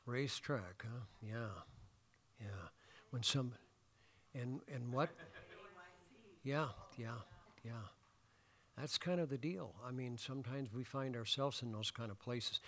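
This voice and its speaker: A male pastor delivers a sermon in a church sanctuary, with a voice of ordinary middle pitch for a man. He talks in a loose, conversational way, throwing questions out to the congregation. He fills his pauses with ums and uhs. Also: fairly bright tone. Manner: conversational, asks the congregation questions, many fillers.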